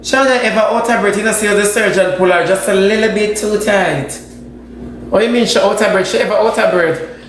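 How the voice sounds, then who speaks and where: A man's voice: sits high, a little fast, a bit bright. A man with a Jamaican accent giving sassy, dramatic gossip commentary in a reaction video. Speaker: social media commentator. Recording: very echoey room with faint noise.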